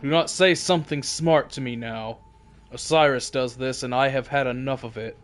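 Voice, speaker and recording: A man reading aloud and voicing a weary, brooding male warrior hero who talks in a flat, heavy, grave way. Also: mid-range voice, moderate pace, lightly acted. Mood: irritated.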